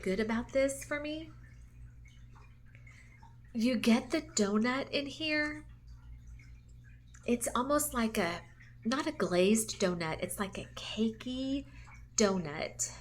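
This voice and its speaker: A woman's voice: medium pitch, fairly bright tone, a little hiss or hum. A woman hosting a casual review chat, gushing to her viewers with lots of fillers. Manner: chatty and gushing, many fillers, talks straight to viewers. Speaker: candle and wax melt channel host.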